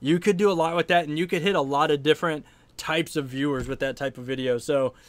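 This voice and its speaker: A man's voice: on the high side, fast, dry recording. A man in his thirties hosting a casual livestream, reading out chat and telling stories with frequent laughs and fillers. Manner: animated storyteller, laughs often, many fillers.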